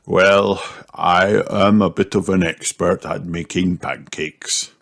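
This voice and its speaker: A man voicing an easygoing, slightly bumbling father pig in a storybook, relaxed and a bit mumbly. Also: low voice, takes it slowly, vocal fry, slight background noise, full character voice. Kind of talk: storybook read-aloud.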